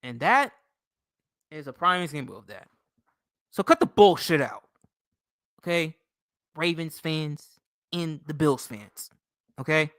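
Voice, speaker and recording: A young man ranting on his own sports channel, heated and profane, tagging his points with "bro". His voice is bright and forceful, clean and crisp, and recorded dry, with no room sound around it. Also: on the high side, lively intonation, a little slow, long pauses, no room sound. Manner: heated, swearing, repeats "bro" and "okay". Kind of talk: casual profane sports rant.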